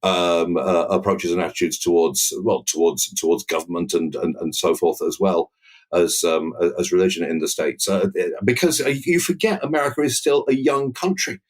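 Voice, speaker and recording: A man with a southern English accent close to standard BBC speech, a deep bass voice and a halting way of talking full of repeated words and restarts, answering as a podcast guest. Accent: southern English, near standard BBC. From England. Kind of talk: conversational interview.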